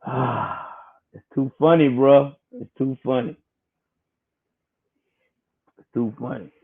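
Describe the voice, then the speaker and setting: A man's voice: medium pitch, slow pace. A man hosting a casual livestream, joking in slang and laughing often between remarks. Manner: laughs constantly, slangy and animated. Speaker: livestream host. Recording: tinny phone-like audio.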